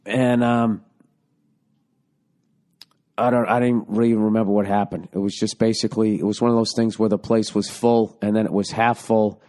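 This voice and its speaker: A middle-aged man hosts his own podcast from home, his voice on the low side and darkish, delivered flatly at a moderate pace. He rambles sarcastically and swears through a casual monologue.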